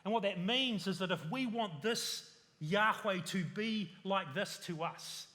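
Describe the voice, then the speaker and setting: A man preaches with a high, bright, ringing voice, earnestly stacking lists and asking his listeners rhetorical questions. His words trail into a long reverb, as in a church hall. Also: unhurried. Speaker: pastor. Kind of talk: sermon.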